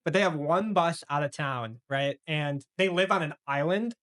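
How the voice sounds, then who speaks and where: Podcast dude rambling laid-back, voice a bit on the high side. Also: male voice, moderate pace, a bit bright. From Wisconsin. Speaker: podcast co-host. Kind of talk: casual chat.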